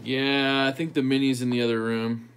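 A man's voice: mid-range voice, flat delivery, normal speed, clear, resonant tone. A man hosting a knife channel livestream, chatting casually with viewers and thinking aloud while he tinkers with a knife.

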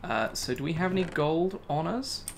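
A man's voice: fairly high pitch, lively intonation, normal speed, creaky, background noise. A man giving casual Let's Play commentary, talking to himself and laughing at his own mistakes. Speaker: gaming YouTuber.

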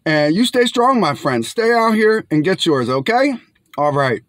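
A man's voice: high-pitched, very animated, measured pace, a bit bright, no room sound. A young man casually reviewing canned fish outdoors, chatty and laid-back, often calling viewers his friends. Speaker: food reviewer. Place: outdoors in bright sun.

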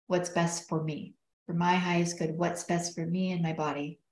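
A woman's voice: lowish voice, little pitch movement, moderate pace, darkish tone. Earnest woman telling her story, echoey room. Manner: earnest, reflective, quotes others as she tells. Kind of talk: personal storytelling in conversation. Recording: roomy echo.

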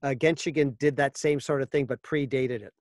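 A man's voice: mid-range voice, steady tone, brisk, a little mellow, dry recording, clean studio sound. A middle-aged man, a voice actor, chatting as an interview guest in a wry, joking, anecdotal way. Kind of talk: casual interview.

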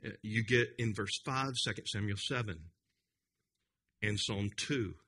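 A man's voice: on the low side, fairly even intonation, measured pace, pushed and bright, breathy edge. A man preaching a conference sermon as a pastor, earnest and emphatic, often restarting and repeating his words. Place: conference hall.

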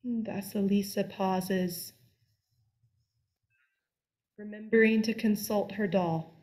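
A woman telling a folk tale aloud in a slow, deliberate, expressive way. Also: mid-range voice. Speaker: storyteller. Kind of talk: storytelling.

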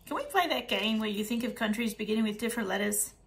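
A woman's voice: lively intonation, fast talker, gravelly. A woman voicing a curious eleven-year-old girl who keeps piping up with questions. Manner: inquisitive, high and piping.

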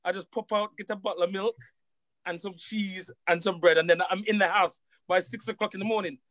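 A man with a Caribbean accent speaks with a fairly high voice, recorded dry and close on a video call. He chats in a relaxed, joking way and circles back over his own phrases, the sound of a guest on a live talk show. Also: brisk, no echo. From West Indies. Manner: easygoing, jokey, repeats himself. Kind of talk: casual chat.

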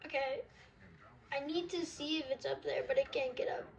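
A young woman giving casual, giggly commentary while she plays a video game, reacting out loud in a scattered way. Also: high voice, fairly even intonation, normal speed, gravelly, muffled recording. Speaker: gaming video creator.

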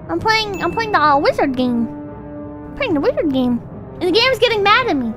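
A woman's voice: very high voice, big pitch swings, moderate pace, over loud music. A woman streaming a video game, chatting casually to her viewers in a playful, exclamatory way with frequent swearing. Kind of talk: casual gameplay commentary.

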